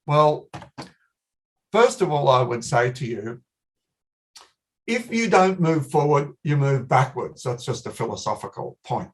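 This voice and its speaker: A man's voice: mid-range voice, expressive, measured pace, pauses often. A middle-aged man with an Australian accent giving an online technical presentation in a conversational way, repeating his key points for emphasis. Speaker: guest speaker, company managing director.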